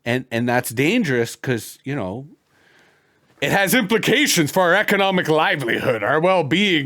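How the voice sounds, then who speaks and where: A Canadian man hosts a podcast conversation, his voice swinging widely up and down as he talks. He hams it up, stumbling into quick restarts before landing his point. His voice sits a touch high for a man. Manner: animated and hammy, with stammered restarts. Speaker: podcast host.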